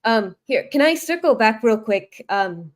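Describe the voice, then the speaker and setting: A woman's voice: a little high, lively intonation, a little slow. A woman player in a tabletop role-play, speaking plainly and directly.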